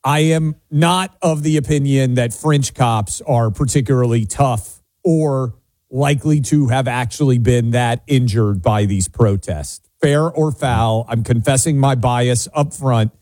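A man's voice: medium pitch, measured pace, darkish tone, dry recording. A man from Nashville co-hosting a radio talk show, wry and opinionated, bantering casually and poking fun at himself. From Nashville, USA. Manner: wry, opinionated, self-mocking.

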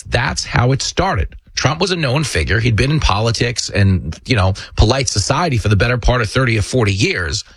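Husky-voiced man hosting political commentary. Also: medium pitch, fairly bright tone, dry recording. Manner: emphatic, sarcastic. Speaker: show host.

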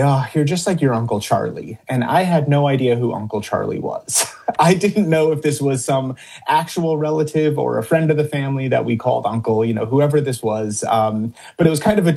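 A man's voice: medium pitch, a little fast, vocal fry, a little mellow, husky. A middle-aged man from upstate New York, a biologist, answering interview questions in a rambling way, with many fillers and restarts and frequent chuckles. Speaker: biologist and TV cryptid hunter.

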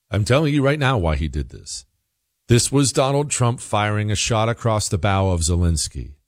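Animated and fairly low-voiced, an American man hosts a political commentary segment, speaking at a moderate pace. His monologue is opinionated, and he leans on emphasis and repetition to build each point. The audio is studio quality, free of echo.

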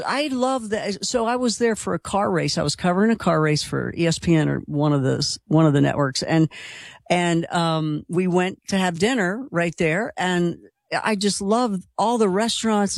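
A male radio host with a high voice chats enthusiastically with a caller. He talks freely and warmly about his own experiences. The studio sound is dry and close. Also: vocal fry, dry recording. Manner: chatty, enthusiastic. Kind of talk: call-in radio chat.

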